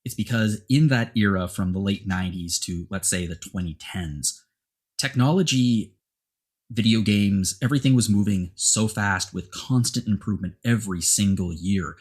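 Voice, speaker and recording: Male podcast host, husky and low-pitched, rambling casual chat. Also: moderate pace. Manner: rambling, animated opinions.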